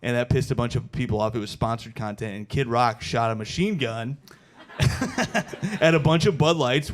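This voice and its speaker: A man in his thirties doing a stand-up comedy set on a stage mic, loose and chatty, calling the crowd "dude" and breaking into loud shouted impressions. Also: mid-range voice. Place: comedy show before a live audience.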